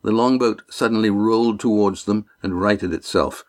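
A man narrates an adventure audiobook in a steady, measured voice. His pitch sits somewhat low.

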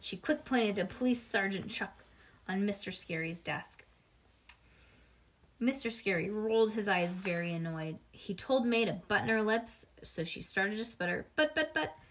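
A woman reading a children's book aloud in a lively way, now and then pausing to chat with a child beside her. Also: mid-range voice, a little hiss or hum. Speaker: reader.

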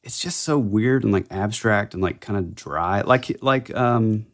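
Middle-aged man, lowish voice, relaxed casual podcast chat, agreeable, trails off. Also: measured pace. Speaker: podcast co-host.

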